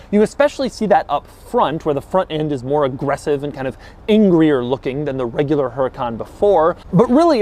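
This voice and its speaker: A man's voice: fairly high pitch, a little mellow. A man giving a casual, enthusiastic car walkaround review with wry asides.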